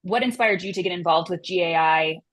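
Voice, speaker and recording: A woman's voice: on the low side, brisk, a bit bright. A woman hosting a webinar, asking a guest friendly questions. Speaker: webinar host. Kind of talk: webinar interview.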